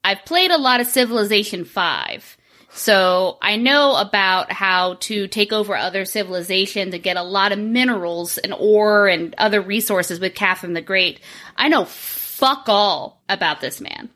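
A woman's voice: mid-range voice, moderate pace, sharp tone. A woman co-hosting a podcast, joking irreverently and swearing freely in casual chat. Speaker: podcast co-host.

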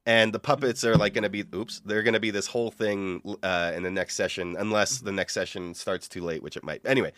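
A man's voice: on the low side, steady tone, fairly quick, few pauses, fairly bright tone. A man co-hosting a podcast, telling a rambling story in casual chat with lots of fillers and restarts. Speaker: podcast co-host; game master.

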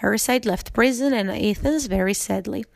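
A woman's voice: medium pitch, normal speed, creaky, no room sound. A woman narrating a storybook reading carefully, with small slips and restarts.

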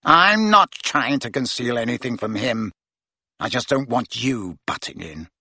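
A man's voice: mid-range voice, animated, a little slow, pushed and bright, dry recording, heavily acted. A man voicing a sullen, defiant teenage boy who sneers and sounds resentful, in an audiobook. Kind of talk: audiobook character voice.

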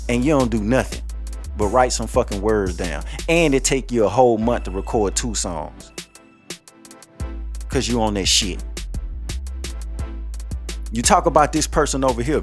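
A man's voice: mid-range voice, lively intonation, moderate pace, pauses often, faint music behind. A man hosting a podcast, ranting at listeners in a blunt, profane, scolding way. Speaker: podcast host. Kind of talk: ranting monologue.

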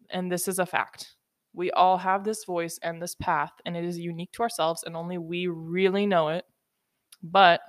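A woman's voice: fairly low pitch, fairly bright tone, dry recording, studio quality. A young woman hosting a solo motivational podcast, blunt and profane, giving teasing tough-love advice into a podcast microphone. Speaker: podcast host.

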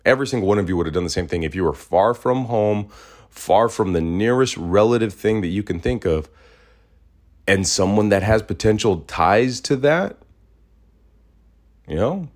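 A man's voice: fairly low pitch, expressive, moderate pace, pauses often. A man hosting a podcast, talking in a casual, heated rant, blunt and full of swearing. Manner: profane, indignant, blunt. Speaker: podcast host.

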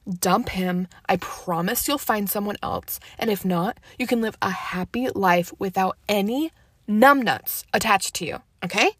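A young woman chats on her own podcast in a lively, animated way, often working herself into a fired-up rant. Her voice sits in a middle register. The sound is close and dry, with no room around it. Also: mid-range voice, a little slow, slightly rough, dry recording. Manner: chatty and animated, veering into fired-up rants. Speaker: podcast host. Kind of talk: casual solo podcast chat.

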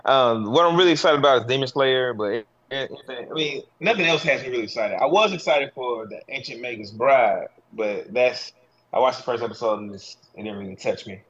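A man's voice: mid-range voice, brisk, a bit bright, lo-fi sound. A man co-hosting a podcast, teasing and questioning his friends bluntly. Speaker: podcast co-host. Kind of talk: casual chat.

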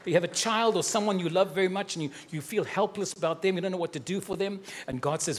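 A man's voice: sits high, quick pace, hardly any pauses, a little hiss or hum. A man preaching live and giving personal prophecies, speaking straight to people in the congregation in a fervent, affectionate way, joking and laughing as he goes. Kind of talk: live prophetic sermon addressing individuals in the congregation.

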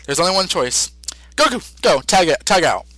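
A man putting on a high, flustered voice for an old male god while recapping a cartoon. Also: sing-song, moderate pace, pushed and bright, no echo, exaggerated voice, low-quality recording.

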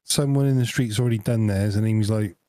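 An easygoing man chats on a podcast in a mellow, warm-toned voice. He asks friendly questions and trades stories with his co-host. The sound is dry and close. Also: on the low side, quick pace, dry recording. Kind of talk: casual podcast chat.

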